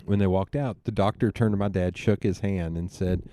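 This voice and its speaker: A young man with a fairly low voice hosts a podcast in casual conversation. He tells long family anecdotes and slips into the voices of his parents between laughs. The recording is dry and close. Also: fairly quick, no echo. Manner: animated storyteller, quoting family with laughs. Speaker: podcast host. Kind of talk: casual storytelling chat.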